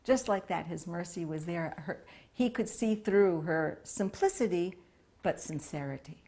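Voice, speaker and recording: A woman reminiscing in an interview, telling anecdotes in a lively storytelling manner. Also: on the low side, a little slow. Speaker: devotee recalling memories.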